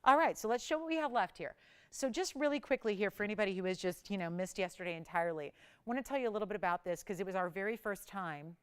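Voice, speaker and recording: A woman hosting a live shopping channel, pitching jewelry with chatty enthusiasm and talking to callers and crew between descriptions. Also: expressive, quick pace, smooth. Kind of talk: live on-air sales pitch.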